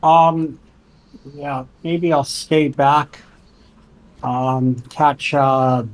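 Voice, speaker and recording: Slow, easygoing male player. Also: a little high, fairly even intonation, low-quality recording. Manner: easygoing, joking. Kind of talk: casual tabletop play.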